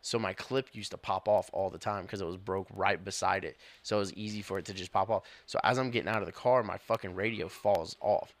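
A young man, a police officer and podcast co-host, telling stories in casual chat, animated and swearing, often laughing. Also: low voice, fairly quick, few pauses.

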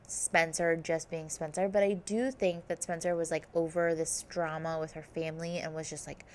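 Woman podcaster with a fairly low voice, loose and chatty, leans on filler words. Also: steady tone, moderate pace, hardly any pauses. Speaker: podcast host. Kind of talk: casual TV recap chat.

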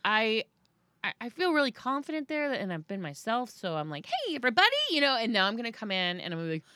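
A woman in her thirties chatting casually as a podcast host, telling a story and acting out quotes with sudden high-pitched jumps. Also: lively intonation, fast, pushed and bright, no room sound. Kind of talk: casual chat.

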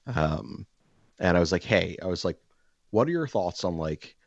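This man has a low, deep voice, recorded close and dry on a slightly dull mic. He tells a story in a loose, rambling way, packed with "like" fillers and crude jokes. When he acts out quoted lines, his pitch jumps up. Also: expressive, moderate pace, no room sound. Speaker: podcast host. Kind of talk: casual storytelling chat.

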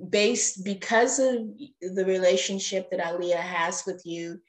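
A woman's voice: lowish voice, unhurried, echoey room, rough recording. A mother speaking as a guest in a podcast interview, earnest and rambling, fighting back tears as she talks. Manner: earnest, rambling with many fillers. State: tearful. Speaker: guest parent. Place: living in Japan.

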